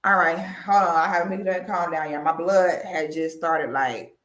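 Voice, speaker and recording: A woman's voice: lowish voice, steady tone, moderate pace, a bit bright. A woman giving blunt, emphatic casual commentary to a live audience, calling her viewers girl and y'all, from her home. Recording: echoey room.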